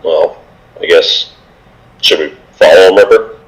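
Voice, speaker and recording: A man's voice: deep voice, fairly even intonation, unhurried, rough recording. A man playing a tabletop game, talking plainly and decisively. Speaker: player. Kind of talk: casual game talk.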